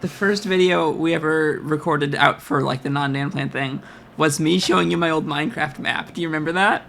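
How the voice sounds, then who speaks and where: A man with a fairly high, sharply bright voice chatting through a video game playthrough. He laughs easily and agrees readily. He chimes in quickly with facts. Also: fairly even intonation, creaky, a little hiss or hum. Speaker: let's play co-host. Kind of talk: casual gaming commentary.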